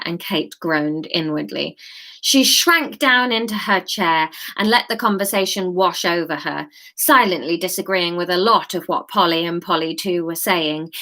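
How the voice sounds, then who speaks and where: A woman's voice: fairly low pitch, sharp tone. A woman reading her own novel aloud on a live stream, chatty and self-mocking between passages.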